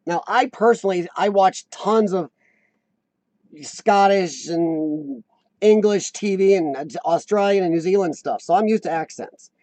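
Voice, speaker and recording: An American man hosts a casual live stream in a high-pitched, slightly mellow voice, unhurried and with no room sound. He's chatty and rambling, talking loosely with viewers and reading their comments aloud.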